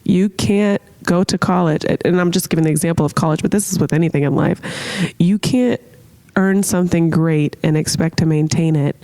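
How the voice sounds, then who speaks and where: A woman's voice: fairly low pitch, a little fast, warm tone. A woman in her late twenties from Florida, a podcast guest telling her life story with candor, acting out what she and others said. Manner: earnest, emotional, acts out her own and others' words. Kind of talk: candid personal storytelling.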